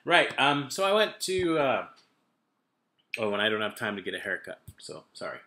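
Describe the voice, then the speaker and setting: Man, thirties, casual home vlog, self-deprecating, bright tone, echoey room. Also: mid-range voice, very animated, normal speed. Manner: self-deprecating, wandering asides. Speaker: vlogger. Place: home room with kitchen items. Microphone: laptop camera.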